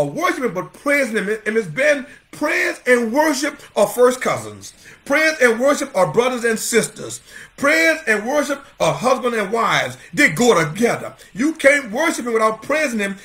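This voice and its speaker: A male pastor delivering a fervent sermon in a high, lively voice that swoops up and down from line to line. He keeps calling out members of the congregation by name as he preaches. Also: normal speed.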